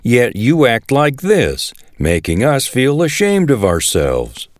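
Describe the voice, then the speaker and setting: A man reading aloud voices a blunt, stern army commander who scolds forcefully. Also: medium pitch, wildly swooping pitch, slow pace, no room sound, voice pushed up. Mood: scolding.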